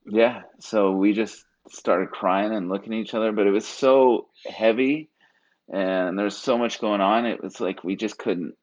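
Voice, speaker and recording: A man's voice: lowish voice, measured pace. A man in his thirties, a guest earnestly telling a personal story in casual talk and acting out the dialogue. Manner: earnest, reenacts dialogue in voices. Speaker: guest, Marine Corps veteran. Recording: dull lo-fi recording.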